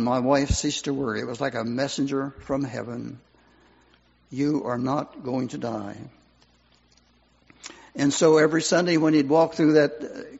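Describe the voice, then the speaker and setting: Older pastor giving a eulogy in a reverberant church. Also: male voice, medium pitch, vocal fry, a little mellow, slightly rough. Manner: earnest, swelling and dropping for emphasis. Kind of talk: funeral sermon. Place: church sanctuary. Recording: muffled hall recording with long reverb.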